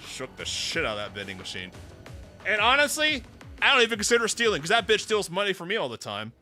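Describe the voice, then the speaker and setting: A man streaming a story game, reacting to the scenes in a profane, mock-exasperated way and yelling at the characters. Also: on the high side, very animated, fast talker, faint music behind. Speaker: VTuber streamer.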